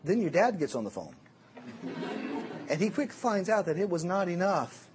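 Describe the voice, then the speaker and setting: A middle-aged man preaching a sermon as a Bible teacher, telling jokey, animated stories. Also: sits high, moderate pace, background noise.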